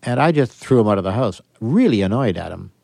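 Animated storytelling man, dry studio sound. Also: fairly low pitch, quick pace, gravelly, dry recording. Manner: animated, theatrical storyteller acting out quotes. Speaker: guest, magician and escape artist. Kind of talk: interview, storytelling.

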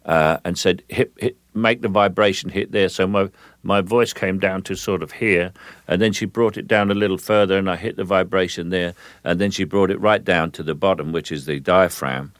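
Very deep-voiced older man, Cockney accent. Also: moderate pace, no room sound. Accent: London Cockney. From England. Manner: rambling, hesitant storytelling that breaks off to demonstrate voices. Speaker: actor guest. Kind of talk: radio interview.

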